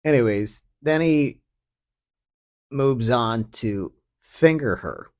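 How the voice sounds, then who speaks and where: Slow-paced and a little mellow, this man's mid-range voice has lively intonation. He's a solo podcast host rambling through a story casually, swearing, sardonic, and full of fillers.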